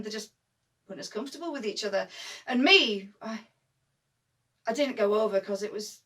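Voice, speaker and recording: A woman's voice: mid-range voice, a bit bright, far from the mic, close to an everyday voice. A woman with a Northern English accent acting a young First World War nurse who talks in broad dialect, telling her story as a dramatic monologue. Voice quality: broad dialect speech, vivid and emphatic.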